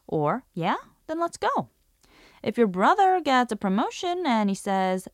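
A woman's voice: mid-range voice, sing-song, unhurried, dry recording. Woman hosting a language lesson, voice bouncing up and down a lot, acts out example lines, dry close sound. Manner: explanatory, demonstrates intonation with example phrases. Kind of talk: scripted radio-style lesson narration.

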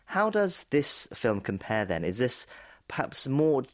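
A man hosting a radio show, briskly asking questions and moving between segments. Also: medium pitch, big pitch swings. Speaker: radio host. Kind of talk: broadcast interview.

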